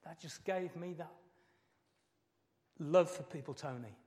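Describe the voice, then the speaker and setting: Middle-aged male pastor, fairly high voice, heartfelt sermon with repetition, long church reverb. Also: unhurried, darkish tone. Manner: earnest, emotional preaching with repeated phrases.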